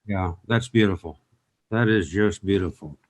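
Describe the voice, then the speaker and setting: A man's voice: low-pitched, normal speed. Friendly male interview host. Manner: friendly, encouraging questioner. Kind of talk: conversational interview.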